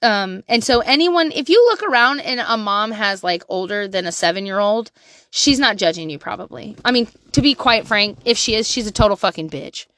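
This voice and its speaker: A woman in her thirties, a mother giving frank, profane parenting advice in a candid monologue. She laughs often and swings from quiet asides to loud bursts. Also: mid-range voice, normal speed, no room sound, studio quality.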